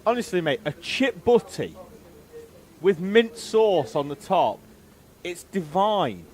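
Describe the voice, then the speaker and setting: A high-pitched male co-commentator from England on a live race stream. He banters easily, laughing and teasing his partner with a friendly "mate." Relaxed, chatty delivery. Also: slow.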